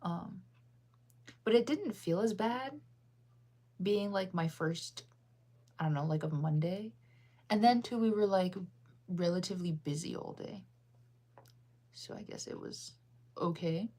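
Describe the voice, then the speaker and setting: A woman's voice: expressive, a little slow, long pauses, warm tone. A woman in her thirties from the United States, rambling in casual chat on a livestream with lots of ums and laughs. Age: 30s. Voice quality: deep-sounding voice. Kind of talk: casual chat, reading chat aloud.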